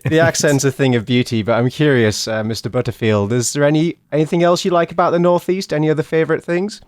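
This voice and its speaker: A man co-hosting a comedy podcast with mock-earnest, deadpan remarks. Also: on the high side, fast talker, no room sound, studio quality. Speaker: podcast co-host. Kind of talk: casual comedic interview.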